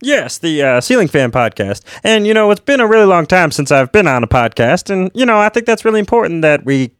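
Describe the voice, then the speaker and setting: A man voicing a flustered, rambling male podcast guest who stammers and fills pauses. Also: high voice, big pitch swings, smooth, no room sound, voice pushed up. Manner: hesitant, stammering, many fillers.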